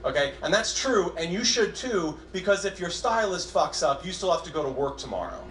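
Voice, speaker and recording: A young man doing a stand-up comedy set on a club stage, self-deprecating and halting, with frequent restarts. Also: high voice, expressive, fairly bright tone, a little hiss or hum. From Southern California. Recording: echoey club room, faint crowd ambience.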